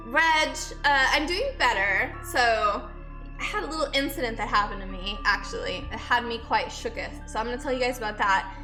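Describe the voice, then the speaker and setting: Breathless, under-the-weather woman streamer. Bright, rambling, chatty storyteller. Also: high-pitched. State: sick and out of breath. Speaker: streamer and nurse. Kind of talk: casual chat with live viewers. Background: faint music.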